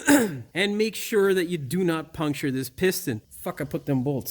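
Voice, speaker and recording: A man's voice: medium pitch, animated, moderate pace. A man hosting a DIY car repair video, cursing, fumbling his words and mocking himself, while a little sick with a cough. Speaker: DIY auto repair host. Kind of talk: blooper reel of a repair tutorial.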